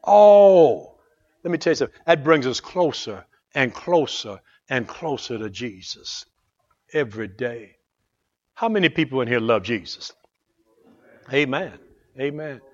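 A man preaching a fervent sermon as pastor, swinging from hushed asides to loud exclamations. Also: mid-range voice, animated, moderate pace, long pauses, lo-fi sound.

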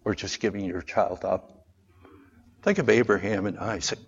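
A man preaching a sermon, calling out for amens and moving between loud, raised lines and quiet, earnest asides. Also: on the low side, normal speed, gravelly, slightly rough. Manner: calls for amens from the congregation. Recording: dull lo-fi sound.

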